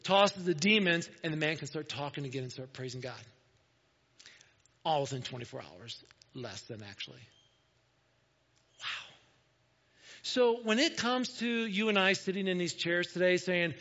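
A man preaching a sermon, retelling a gospel story in a casual, conversational way and often dropping to a soft, hushed voice. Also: a little high, lively intonation, normal speed, pauses often. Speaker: pastor. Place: church sanctuary. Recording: dull, lo-fi church recording with long hall reverb.

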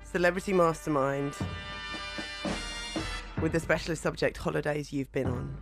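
A man hosting a radio interview, asking quiz questions in a brisk quizmaster manner. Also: on the high side, fairly even intonation, gravelly, music in the background. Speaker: radio show host.

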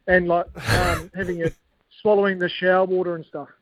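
On a relaxed podcast, a New Zealand-accented ex-cricketer spins easygoing stories and laughs a lot. He speaks fairly quickly in a high, level, slightly bright voice. The audio has no echo but is poor quality.

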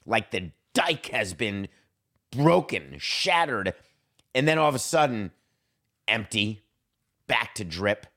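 A middle-aged man hosting a solo sports podcast, talking in a jokey, theatrical way and swinging his pitch up for emphasis. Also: very animated, measured pace, gravelly, pauses often, a bit bright. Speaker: podcast host.

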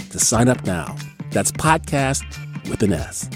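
Playful man with very lively intonation. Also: unhurried, over music. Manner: playful, persuasive pitch. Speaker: podcast host. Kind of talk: promo for member support.

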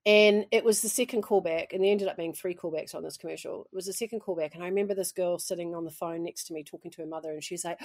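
A woman from New Zealand with a New Zealand accent, a guest telling animated stories in a casual interview, with frequent restarts. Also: fairly low pitch, fast, few pauses. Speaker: guest, actress and author.

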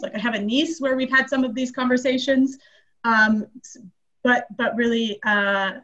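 A woman's voice: on the high side, fairly bright tone. A young woman on a video call, speaking hesitantly with many fillers. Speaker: panelist. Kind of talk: casual video call chat. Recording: dull lo-fi video call audio.

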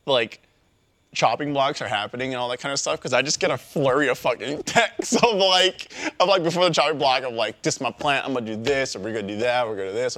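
A man co-hosting a casual group chat podcast, telling animated stories and swooping into high squeaky voices when quoting people. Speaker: podcast co-host.

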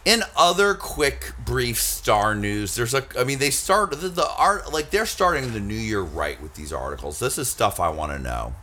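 A man's voice: medium pitch, very animated, moderate pace, hardly any pauses, sharp tone. A man hosting a casual comedy chat, reading celebrity gossip aloud with sarcastic, mocking asides. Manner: sarcastic, mocking, bursts into silly put-on voices.

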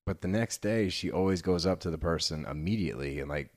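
A man with a very low, deep voice co-hosts a chatty podcast. He talks in an animated, sarcastic way and swears freely. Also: fast talker. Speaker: podcast co-host. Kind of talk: casual chat recapping reality TV.

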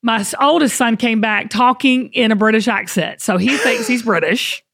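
A middle-aged woman chats through her podcast in a folksy, easygoing way. Her voice sits a little on the high side. She talks like she's catching up with a friend. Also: gravelly, a bit bright. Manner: chatty, folksy, quick to laugh. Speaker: podcast host. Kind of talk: casual chat.

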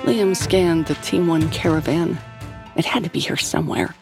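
A woman narrating a story in an even scripted storytelling voice, recorded close on a studio mic. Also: fairly low pitch, moderate pace, gravelly, music in the background. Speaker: audiobook narrator.

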